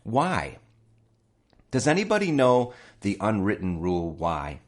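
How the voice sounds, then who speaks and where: Man, deep voice, animated intonation, English lesson host, chatty, repeats words for learners. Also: a little slow. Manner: addresses listeners directly. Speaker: English teacher, podcast host. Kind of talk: relaxed spoken English lesson.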